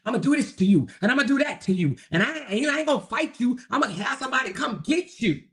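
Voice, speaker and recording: A woman's voice: fairly high pitch, animated, fast, echoey room, natural voice. A woman mocking another woman, putting on a groveling, whiny voice that drags out its pleas. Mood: mock threatening. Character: groveling woman begging forgiveness, mocked.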